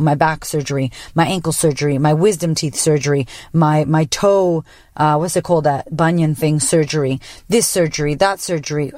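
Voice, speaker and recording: A woman hosting a podcast, telling a personal story in a blunt, profane, animated way. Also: sits low, no echo, clean studio sound. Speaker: podcast host. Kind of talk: casual personal monologue.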